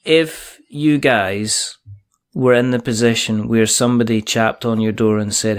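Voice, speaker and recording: A man's voice: medium pitch, steady tone, a little slow, smooth. A Scottish man hosting a casual chat over a video call, joking and rambling in a self-deprecating way. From Scotland. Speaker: podcast host.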